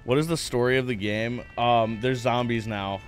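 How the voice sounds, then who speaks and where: Male streamer, playful and jokey, mid-pitched voice, loud game music underneath. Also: fairly even intonation, normal speed. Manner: joking, playful, blurts mock gunshot sounds. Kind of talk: gameplay commentary.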